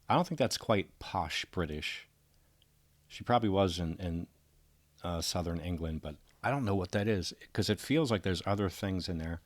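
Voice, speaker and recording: Host with a deep voice and a dry, close sound. Thinks out loud, hesitant, corrects himself as he goes. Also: no room sound. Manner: musing, tentative, self-correcting. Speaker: commentator. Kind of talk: thinking-aloud video commentary.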